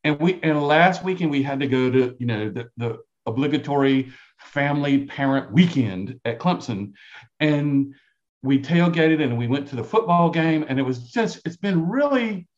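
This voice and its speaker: A middle-aged man speaks with a South Carolina brogue, his pitch swinging all over as he talks. He rambles and corrects himself, chatting casually as a podcast guest. The sound is a bit dull and lo-fi. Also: animated, moderate pace. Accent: South Carolina Lowcountry brogue. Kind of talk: casual storytelling.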